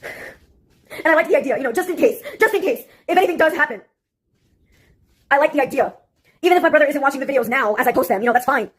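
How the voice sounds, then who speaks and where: A woman comedy YouTuber talking to camera in a rambling, self-deprecating casual monologue, with halting fillers. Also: high-pitched.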